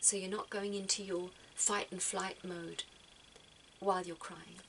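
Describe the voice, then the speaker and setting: A woman talking gently and reflectively to her viewers, giving spiritual advice and often repeating words as she thinks. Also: fairly low pitch, little pitch movement, unhurried, gravelly, noisy background.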